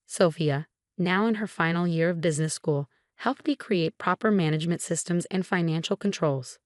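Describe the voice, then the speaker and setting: A woman with a lowish voice narrates a first-person story. Her reading is steady and measured. The sound is close and dry, with no room around it. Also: no echo.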